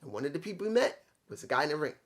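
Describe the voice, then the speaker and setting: A man's voice: on the high side, sing-song, rapid-fire. A man reviewing a wrestling show in a casual, rambling way, with some swearing and restarts.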